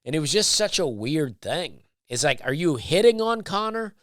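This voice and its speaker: A man hosting his own podcast, telling rambling stories in a laid-back, deadpan way with lots of repetition. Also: a little high, normal speed, no room sound, studio quality. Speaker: comedian podcast host. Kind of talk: casual solo storytelling.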